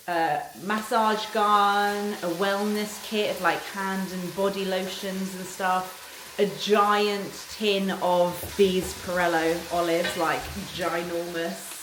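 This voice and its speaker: A woman, chatting casually to camera for her vlog at home, bubbly and rambling. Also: on the low side. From London. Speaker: vlogger. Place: home kitchen. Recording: echoey kitchen with background noise. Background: cooking sounds.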